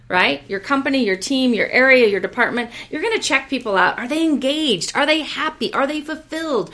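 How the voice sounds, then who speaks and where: Energetic woman giving a motivational talk. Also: a little high. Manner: energetic, emphatic, repeats for emphasis; casual, peppered with mild swearing. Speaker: podcast host and business leader.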